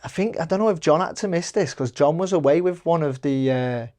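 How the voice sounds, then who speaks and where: A man's voice: on the high side, a little fast, dark tone. Chatty young man. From England. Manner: rambling, with many fillers and restarts, acting out quoted voices, laughing often. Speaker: guest, professional boxer. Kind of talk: casual storytelling chat.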